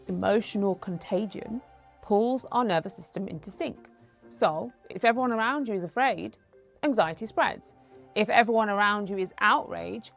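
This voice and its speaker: A woman's voice: mid-range voice, gravelly, a bit bright. A woman in her thirties, a doctor hosting an educational talk, explaining in a conversational way with personal anecdotes. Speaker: doctor and host.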